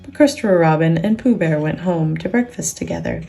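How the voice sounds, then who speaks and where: A woman gently and expressively reading a children's book aloud, with soft guitar music behind. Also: sits low, a little fast, creaky. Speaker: storyteller and sculptor.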